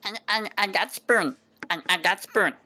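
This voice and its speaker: A woman voicing a small, nervous male blue goblin thief who stammers in a high, eager voice. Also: unhurried, pushed and bright. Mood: flustered.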